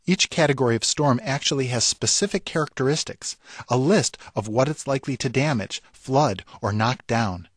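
A man, a writer, reading his own scripted radio commentary in a wry, measured way that savors the words. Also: mid-range voice, dry recording, clean studio sound.

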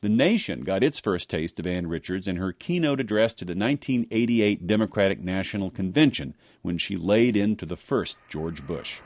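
A man reporting for radio news, narrating a scripted story in a measured, expressive delivery. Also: low voice, no room sound, studio quality. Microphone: close studio mic.

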